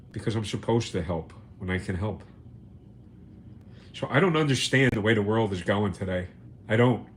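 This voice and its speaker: A man's voice: lowish voice, slight background noise. A man on a livestream telling a story in a casual monologue, cursing often, repeating words and acting out what people said. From United States. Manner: profane, emphatic, repeats words, acts out quotes. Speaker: livestream host.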